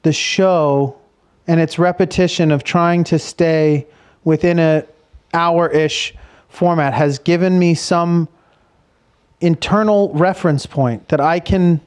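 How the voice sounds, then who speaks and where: Male comedy podcast co-host, laid-back and halting, voice a touch high. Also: fairly even intonation, darkish tone, clear, resonant tone. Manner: low-key, halting, trailing off mid-thought. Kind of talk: casual comedic chat.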